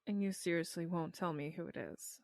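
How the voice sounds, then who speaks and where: A polite young male elf from a tabletop game, gentle and formal, pausing as he picks his words. A woman plays him in a low-ish, plain voice. The sound is dry and close. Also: dry recording, lightly acted. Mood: pleading.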